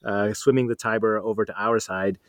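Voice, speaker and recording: A man's voice: fairly low pitch, steady tone, a little fast, dry recording. A man hosting an interview podcast, friendly and thoughtful, talking casually with some fillers. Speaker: podcast host.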